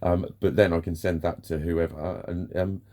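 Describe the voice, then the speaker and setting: A man's voice: low-pitched, fairly even intonation, normal speed, warm tone. A man in a candid vlog monologue, frank and ranting, swearing often as he vents. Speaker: vlogger.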